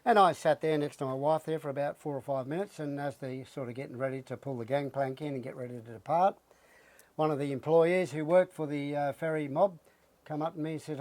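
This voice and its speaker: Australian man, middle-aged, interview guest, slightly high voice, dry close sound. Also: a little fast, no echo. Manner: animated storytelling, acts out his own lines. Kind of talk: casual interview.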